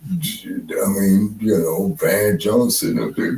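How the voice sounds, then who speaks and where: A man's voice: lowish voice, slow pace, a little mellow, distant mic. A man co-hosting a casual political chat, talking bluntly and profanely with strong emphasis. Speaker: co-host. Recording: roomy echo, set back from the mic.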